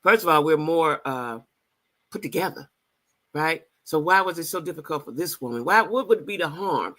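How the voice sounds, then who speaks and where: A woman's voice: low-pitched, animated, moderate pace, a bit bright. A middle-aged woman talking straight to viewers in a casual vlog. She is emphatic and repeats phrases for emphasis. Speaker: vlogger.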